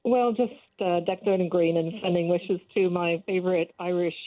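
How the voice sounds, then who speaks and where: A woman's voice: on the low side, normal speed, dry recording, phone-quality sound. A woman calling in to a radio show, telling an anecdote in a bubbly, giggly way. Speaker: caller. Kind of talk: phone call to radio show.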